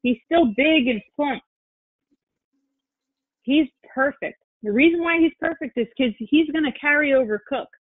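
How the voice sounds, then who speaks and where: A woman's voice: high voice, measured pace, pauses often, no echo. A woman chatting casually as she cooks, explaining each step and swearing now and then. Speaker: guest chef. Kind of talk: casual cooking chat. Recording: tinny phone-like line.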